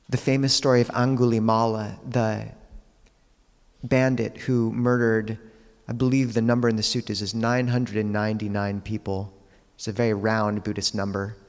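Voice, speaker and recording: A man, a Buddhist monk, giving a dharma talk, telling teaching stories in a calm, measured way with quiet pauses. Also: on the low side, creaky, in a large hall.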